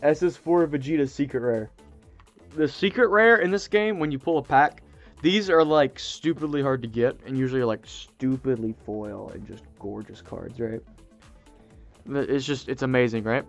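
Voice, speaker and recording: A man casually telling stories to camera, excitable and rambling, with lots of fillers and restarts. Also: mid-range voice, moderate pace, dull audio, faint music behind. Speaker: channel host.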